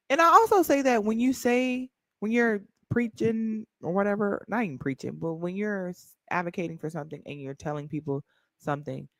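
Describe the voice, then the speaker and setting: A woman hosting a casual chat, animated and emphatic, swearing freely. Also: on the low side, no echo, clean studio sound. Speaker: host.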